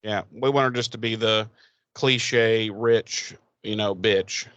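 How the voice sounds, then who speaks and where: A man co-hosting a podcast, recapping a TV episode in casual chat, swearing freely and animated. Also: lowish voice, takes it slowly, no room sound, muffled recording. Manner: swearing, animated, quotes characters in put-on voices. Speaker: podcast co-host.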